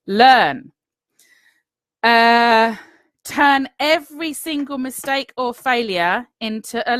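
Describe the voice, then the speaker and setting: A woman's voice: a little high, fairly bright tone, dry recording. Woman, 30s, motivational coach, earnest and encouraging, dry close recording. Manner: earnest, encouraging, repeats points with "okay?". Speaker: business coach. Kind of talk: motivational talk to viewers.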